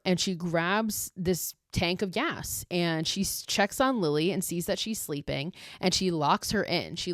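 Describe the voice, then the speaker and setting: A young woman with a fairly low voice tells a horror movie's plot in a casual, animated way, swearing freely. Her voice is close and dry, with no room sound. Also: no room sound. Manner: profane, animated storytelling. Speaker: podcast host.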